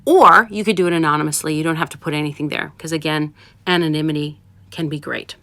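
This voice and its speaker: Woman podcast host giving advice, lowish voice, dry close mic, pushes her points hard. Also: fairly even intonation, fast talker, no echo. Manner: warm, emphatic, coaching tone with repeated urgings. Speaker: podcast host and relationship advisor. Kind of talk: casual advice talk.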